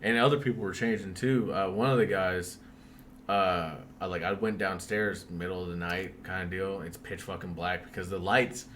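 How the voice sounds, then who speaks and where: A man's voice: sits low, fairly even intonation, normal speed, fairly bright tone, a little hiss or hum. A young man casually telling a spooky story on a podcast, swearing often and breaking into laughs.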